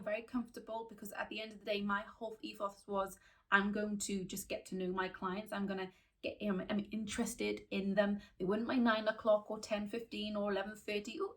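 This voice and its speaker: A woman from Wales, a skin therapist telling candid stories in a podcast chat, animated and full of restarts. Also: mid-range voice. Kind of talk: casual storytelling in a podcast chat.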